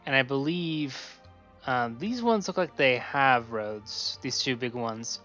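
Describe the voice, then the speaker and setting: Excited man streaming, lo-fi sound. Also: medium pitch, takes it slowly, soft background music. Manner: excited, chatty, narrates what he sees. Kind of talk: casual chat while gaming.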